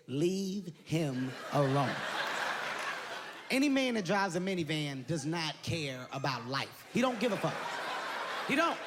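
A man doing stand-up comedy, loud and animated, shouting punchlines. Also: a little high. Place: large venue with laughing audience. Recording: live show with loud crowd and noise.

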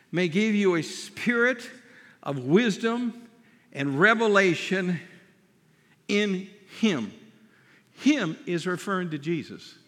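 A man preaches with a high voice that swings widely in pitch, pressing hard on key words and slowing them right down for emphasis. His voice carries a long reverb, as in a church sanctuary. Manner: emphatic preaching, slows and drops to a hush for stress. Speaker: pastor. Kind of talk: sermon.

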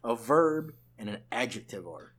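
A man's voice: mid-range voice, animated, normal speed, fairly bright tone. A young man co-hosting a podcast, chatting casually and swearing freely. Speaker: podcast co-host. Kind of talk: casual chat.

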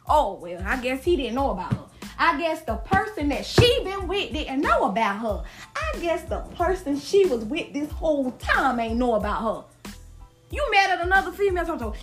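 A woman's voice: high-pitched, very animated, moderate pace, soft background music. A woman hosting a casual solo gossip podcast, sassy and slangy, repeating lines for emphasis. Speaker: podcast host.

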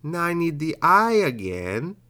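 Comic doing a jumpy high old lady voice, fussy and muddled, hunting for every key. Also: big pitch swings, a little slow, bright, forceful tone, heavily acted. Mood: flustered. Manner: wavering, exclaiming, searching aloud. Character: fumbling, flustered elderly woman texting.

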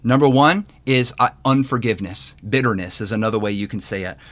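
A man's voice: on the low side, a little fast, fairly bright tone. A man teaching in a podcast sermon, earnest and conversational, with many fillers and restarts. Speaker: podcast host and preacher.

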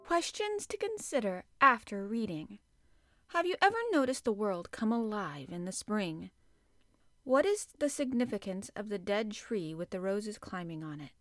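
A woman host narrating a classic novel chapter in an expressive, animated way. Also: medium pitch, unhurried, dry recording, studio quality. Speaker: podcast host and reader. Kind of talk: audiobook narration.

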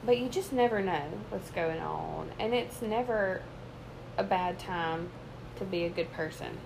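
A woman's voice: fairly low pitch, measured pace, creaky. A young woman, a Christian mother giving casual, chatty encouragement and stories to her viewers. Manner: chatty, folksy, addresses listeners as y'all. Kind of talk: casual faith-based encouragement and storytelling. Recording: steady background noise.

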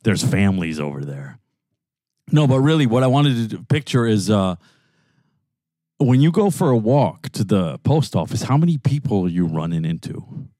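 A brash man with a New York accent rants and curses his way through casual banter as a co-host. His voice is dark and mellow, and the sound is dry and close. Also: medium pitch, animated, moderate pace, no room sound. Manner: brash, swears constantly, loud rants. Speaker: podcast co-host. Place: in a car.

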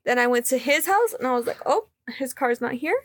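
A woman's voice: high voice, animated, a little fast, no echo. A young woman in her twenties casually telling a dating story on a podcast, quoting people and swearing freely. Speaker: podcast co-host.

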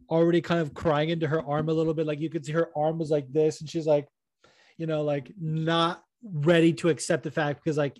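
A young man co-hosting a casual chat, telling stories in an animated way and acting out what others said. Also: on the high side, no echo. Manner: animated storytelling, acts out quotes. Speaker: podcast co-host.

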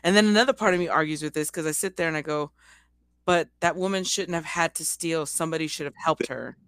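A woman's voice: deep voice, fast talker, a bit bright, clean tone, dry recording. Woman cohost rambling earnestly through a story, lots of restarts, dry close sound. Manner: talkative, tells stories with many restarts. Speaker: podcast co-host. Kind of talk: casual faith podcast chat.

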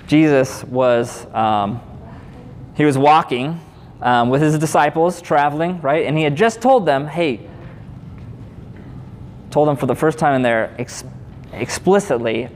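Animated young pastor in a reverberant church. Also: male voice, fairly high pitch, unhurried, pauses often. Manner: conversational, animated preaching with casual asides. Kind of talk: sermon. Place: church sanctuary. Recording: long hall reverb, faint background noise.

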